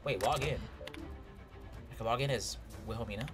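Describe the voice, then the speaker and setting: Speaking at normal speed in a mid-range voice, a man gives excitable, jokey commentary on his gameplay, crying out at the action and yelping whenever he takes a hit. The game's music is loud beneath him.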